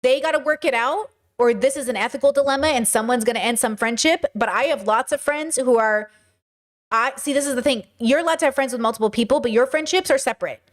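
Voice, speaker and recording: A woman's voice: sits high, quick pace. A woman hosting a livestream, answering viewers' chat questions in an earnest, emphatic way.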